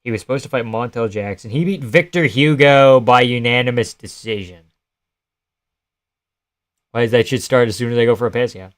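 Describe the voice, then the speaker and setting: A man's voice: medium pitch, moderate pace, long pauses. A young man on a casual live stream, chatting loosely and swearing while he reacts to fights and answers his chat.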